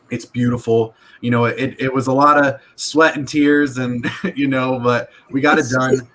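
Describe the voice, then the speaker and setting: A man's voice: mid-range voice, a bit bright. A young man chatting casually as a guest on a live stream, laid-back and laughing, with lots of "dude" and "like". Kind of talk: casual chat.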